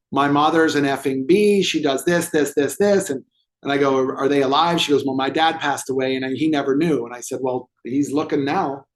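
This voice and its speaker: A man telling a client story as a guest in an interview, acting out the dialogue with animation. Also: mid-range voice. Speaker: movement therapy expert guest.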